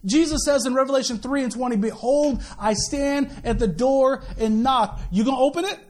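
A male pastor giving a sermon in a conversational, animated way, often restarting his sentences and adding quick asides. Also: extremely high pitch. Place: church worship service.

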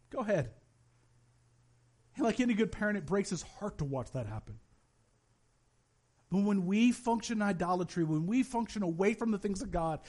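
A man preaching a sermon as a pastor, telling stories with animated delivery and acting out the people he quotes. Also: high-pitched. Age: adult, has children. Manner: animated storytelling, voices quoted parents.

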